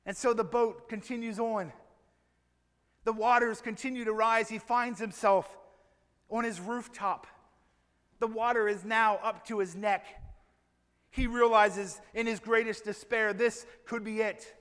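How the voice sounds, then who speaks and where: A man preaching a sermon to a church congregation, telling a story with slow, emphatic phrases. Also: very high-pitched, steady tone, a bit bright, clear, resonant tone, long reverb tail.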